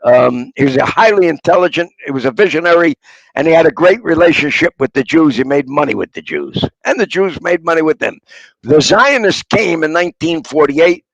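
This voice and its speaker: An older man spins long anecdotes in a rambling raconteur's way, building to punchlines. His voice is gravelly and sits a little high. The sound is dry and close. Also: expressive, brisk, no room sound, poor audio. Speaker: interviewee, author. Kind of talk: anecdotal storytelling.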